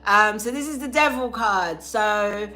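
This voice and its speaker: A young woman giving a live tarot reading to viewers, loud, profane and animated, with a sore throat. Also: medium pitch, unhurried, faint music behind. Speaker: tarot reader.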